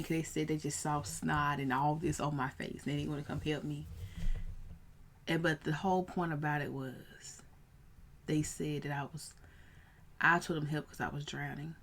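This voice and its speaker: A woman in her thirties, a coach, telling a personal story in a casual vlog, animated and prone to rising in excited bursts. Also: sits low, normal speed, a little hiss or hum. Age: 30s.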